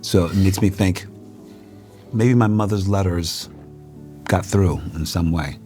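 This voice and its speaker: A middle-aged man with a very low voice tells stories as a guest in a casual interview over a meal. He acts out the people he quotes, and faint music plays behind him. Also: measured pace, warm tone.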